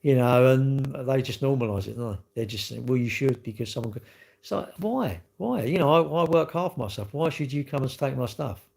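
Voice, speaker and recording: A man's voice: medium pitch, expressive, fairly quick, vocal fry, few pauses, a little mellow. A man, talking straight to his viewers in a casual, ranting monologue. He is exasperated and keeps repeating himself. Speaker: vlogger.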